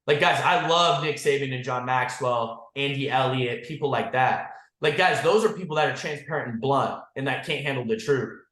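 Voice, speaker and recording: A man's voice: medium pitch, moderate pace, hardly any pauses, a bit bright, echoey room. A man leading an insurance agency's team call, talking bluntly and profanely and saying "like" and "guys" constantly. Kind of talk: motivational team call talk.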